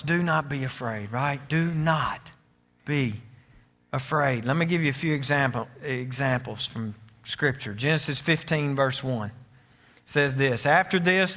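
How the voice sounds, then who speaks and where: Pastor preaching, man, high voice, bright tone, joking asides. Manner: joking asides, preaching cadence with drawn-out emphasis. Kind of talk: sermon.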